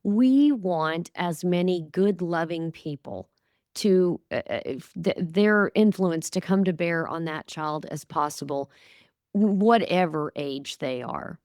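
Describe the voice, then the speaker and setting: Slow, reflective woman podcast host. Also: lowish voice, lively intonation, darkish tone, no room sound, clean studio sound. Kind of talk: casual interview chat.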